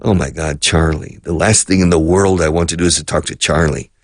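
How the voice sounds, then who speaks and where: A man's voice: low voice, fairly even intonation, a little fast, no room sound. A man hosting a radio English lesson, explaining phrases through rambling anecdotes at a close mic. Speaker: radio host and English teacher.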